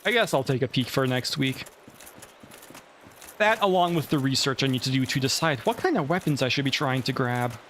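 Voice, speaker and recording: A man's voice: mid-range voice, lively intonation, brisk, fairly bright tone, slight background noise. A man giving casual let's play commentary, thinking aloud and cursing when the game goes badly.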